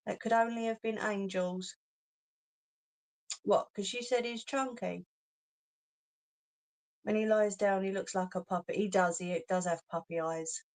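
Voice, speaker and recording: A woman with a London accent chats casually on a livestream and reads comments aloud. Her pitch sits in the middle, and she talks with cheeky slang and frequent laughs. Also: fairly even intonation, a little slow, pauses often, darkish tone. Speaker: craft channel host.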